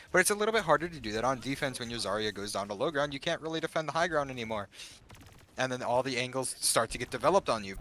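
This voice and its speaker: A man casting and analysing a live esports match, animated and talking straight to the chat. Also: a little high. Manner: rapid, animated, talks to the chat. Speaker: esports caster.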